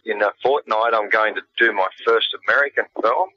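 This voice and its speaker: Deep-voiced Australian man, laid-back. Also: fairly quick, sharp tone, a little hiss or hum. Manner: laid-back, plain-spoken, with frequent restarts. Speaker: guest actor. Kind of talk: casual radio interview. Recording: dull lo-fi radio sound.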